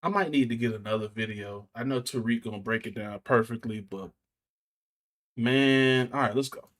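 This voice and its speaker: A man's voice: medium pitch, moderate pace. A man chatting casually on a live stream, loose and slangy, thinking aloud. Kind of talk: casual livestream chat.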